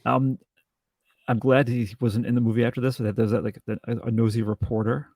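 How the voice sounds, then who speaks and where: A man co-hosting a podcast, chatting casually about a movie with halting restarts and dry jokes. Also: mid-range voice, fairly even intonation, a little mellow, dry recording. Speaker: podcast co-host. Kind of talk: casual film review chat.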